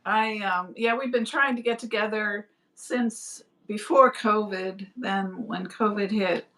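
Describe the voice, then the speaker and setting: An older woman co-hosting a casual live stream, soft-spoken with short replies and thanks. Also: mid-range voice, slow, rough recording. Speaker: co-host and guest of honor.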